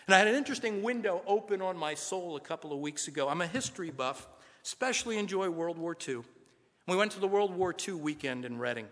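A man's voice: sits high, expressive, quick pace, a bit bright. A middle-aged man, a pastor, giving an earnest, conversational sermon full of rhetorical questions. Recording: long hall reverb.

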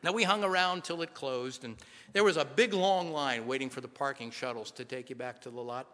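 A man's voice: medium pitch, brisk, sharp tone. A middle-aged man, a pastor, giving an earnest, conversational sermon full of rhetorical questions. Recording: long hall reverb.

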